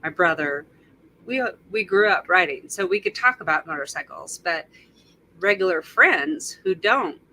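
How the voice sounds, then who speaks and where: A woman's voice: lowish voice, expressive, unhurried, bright, forceful tone, poor audio. A woman guest vlogger in a casual interview chat, hesitant and often searching for words.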